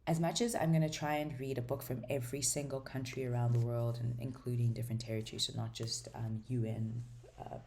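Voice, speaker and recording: A woman with a strikingly low, mellow voice talks through her new books in a casual vlog. She rambles warmly from title to title, stumbling over restarts and filling gaps with ums, and is clearly eager to read them. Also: a little hiss or hum. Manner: enthusiastic about books. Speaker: book vlogger. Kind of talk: casual book haul chat.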